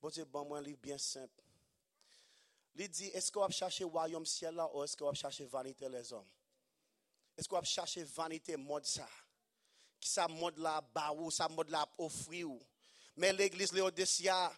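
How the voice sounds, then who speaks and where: Man, Haitian accent, high voice, sermon, calm storytelling broken by shouts. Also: normal speed, pauses often. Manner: switches between calm storytelling and shouted emphasis. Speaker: preacher.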